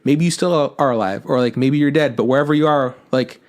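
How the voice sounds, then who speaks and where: A man co-hosting a podcast talks fast and animatedly into his microphone. He retells scenes in casual chat, acts out the quotes and swears freely, at a middle pitch. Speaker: podcast co-host. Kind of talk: casual chat recapping an anime.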